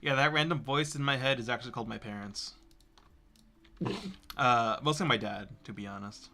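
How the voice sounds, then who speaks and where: A man's voice: medium pitch, moderate pace, bright, forceful tone, a little hiss or hum. A young man, a game developer, chatting casually with a co-host, teasing and laughing often. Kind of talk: casual chat while working.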